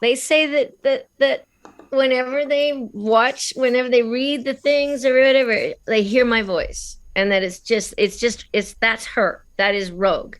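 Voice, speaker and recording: A woman's voice: high voice, measured pace. A woman from Australia, a guest voice actress in a casual interview, talking in a chatty, laughing way and often restarting her phrases.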